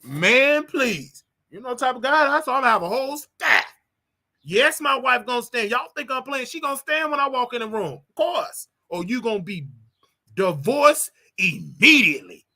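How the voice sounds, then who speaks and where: A man with a bright, forceful voice, hosting his own livestream. He rants to his viewers in an animated, preachy, jokey way, jumping from quiet asides to loud outbursts. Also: normal speed. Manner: animated, preachy, jokey, with wild swings in pitch and volume. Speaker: host. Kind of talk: solo livestream rant.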